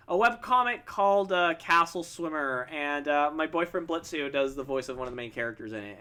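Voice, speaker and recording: A man's voice: a little high, sharp tone, smooth. A young man, a streaming artist, chatting casually and rambling while he draws. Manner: chatty, rambling, self-interrupting.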